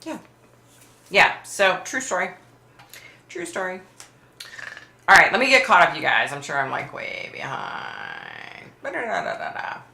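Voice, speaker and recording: A woman talks casually on her livestream, acting out each line of the story. Her voice sits low with a gravelly, fry-laden edge and a bright, forceful tone. She is recorded in an echoey room. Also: moderate pace, pauses often. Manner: animated storyteller acting out quoted exchanges, laughs often. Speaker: livestream host.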